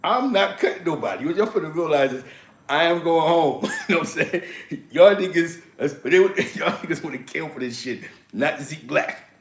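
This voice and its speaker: A man's voice: a little high, normal speed, reverberant. A man with a New York accent telling stories in a casual, slangy way, often breaking into laughter. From East Harlem, New York. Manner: laughing, slangy, animated storytelling. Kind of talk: casual storytelling.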